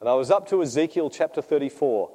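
A man's voice: a little high, animated, fast, warm tone. A middle-aged man with an Australian accent, a pastor preaching a sermon and telling his own story in a conversational, self-deprecating way. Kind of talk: sermon with personal testimony.

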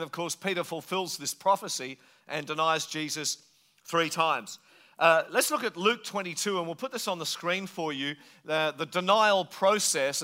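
A man's voice: high voice, sharp tone. A man from England preaching a sermon in a conversational, joking way, slipping into mimicked voices. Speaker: pastor.

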